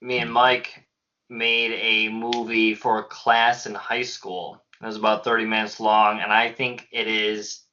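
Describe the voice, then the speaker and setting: A man's voice: on the low side, little pitch movement, a little slow, pushed and bright, slight background noise. A man co-hosting a podcast in casual chat, with dry, wry jokes. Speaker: podcast co-host. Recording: dull lo-fi podcast audio.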